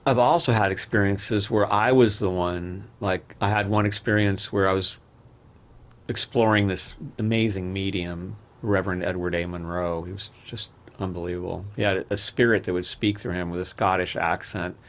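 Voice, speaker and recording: A deep-voiced man on a podcast, speaking at normal speed with fairly even intonation, tells rambling personal stories. His casual interview storytelling is candid and full of frequent restarts.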